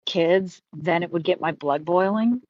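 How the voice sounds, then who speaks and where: A woman's voice: on the low side, unhurried, muffled recording. A middle-aged woman hosting a live stream, talking candidly in a rambling way, with frequent swearing and restarts. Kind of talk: casual live-stream chat.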